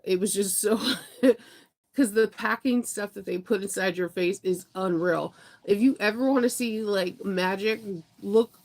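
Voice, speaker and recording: A woman's voice: mid-range voice, measured pace, darkish tone. A woman who is congested from being sick, chatting casually on a livestream in a rambling, upbeat way. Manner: rambling, upbeat, answers viewer comments. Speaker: vlogger.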